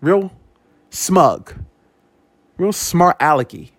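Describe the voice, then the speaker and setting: Animated man telling a story, dry sound. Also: a little high, drawn-out words, no room sound. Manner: animated, repeats words, acts out quoted speech. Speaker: podcast host. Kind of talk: personal storytelling monologue.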